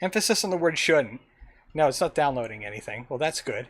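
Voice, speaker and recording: Playing a game, this man keeps up loose, chatty commentary, talking to himself as much as to his audience. He has a medium-pitched voice with lively intonation and a fairly quick delivery.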